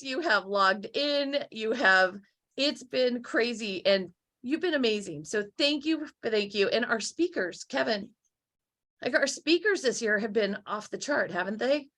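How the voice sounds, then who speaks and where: A woman's voice: a little high, unhurried, sharp tone. A woman hosting a podcast interview, chatty, teasing and upbeat as she thanks listeners and welcomes her guest. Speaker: podcast host. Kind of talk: casual interview chat.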